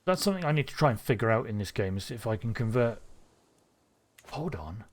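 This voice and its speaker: Husky-voiced man streaming a strategy game. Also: medium pitch, brisk. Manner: thinks aloud, excitable bursts. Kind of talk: live game commentary.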